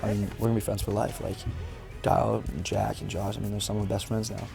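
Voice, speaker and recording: Gravelly, low-voiced young man. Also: level tone, loud music behind the voice. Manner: laughing, fast-talking storyteller. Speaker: young actor interviewed about filming. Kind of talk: casual interview anecdotes.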